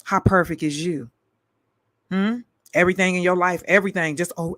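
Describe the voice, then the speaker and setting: A tired woman hosting a live stream, delivering a fiery, profane rant full of rapid-fire repetition. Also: fairly low pitch, steady tone, fairly bright tone, no room sound.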